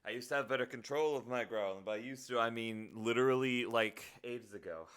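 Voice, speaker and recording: A man's voice: mid-range voice, fairly quick, fairly bright tone, smooth. A man streaming live in casual chat, muttering to himself and joking at his own expense, looping filler words in long strings. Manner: self-mocking, muttering to himself while fiddling with settings.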